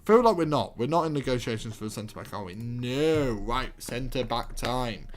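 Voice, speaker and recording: A man's voice: medium pitch, expressive, normal speed. A young man commentating his own game on a livestream, exasperated and laughing nervously as he talks to himself. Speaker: streamer. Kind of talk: live gameplay commentary.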